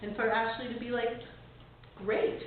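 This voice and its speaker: A woman's voice: mid-range voice, normal speed. A woman breathwork teacher in a casual group talk, laughing often and quoting conversations. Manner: warm-hearted, laughs often, quotes conversations. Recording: tinny, echoey, from far off with faint hiss.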